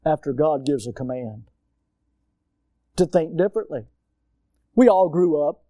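Animated high-voiced male preacher. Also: unhurried, long pauses, no echo, clean studio sound. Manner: animated preaching, acting out quoted voices, sudden loud outbursts. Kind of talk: sermon.

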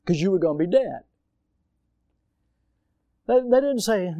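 An older man delivers a sermon in a fairly high yet mellow voice, recorded dry and close. He preaches animatedly, slipping into quoted voices and sudden loud bursts. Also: expressive, a little slow, pauses often, dry recording.

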